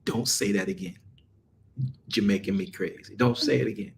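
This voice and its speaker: A man's voice: lowish voice, normal speed, creaky, slight background noise. A man leading an online study group, telling jokes and stories in casual talk before closing with a prayer and blessing. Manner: animated, jokey, turns into a prayer and blessing.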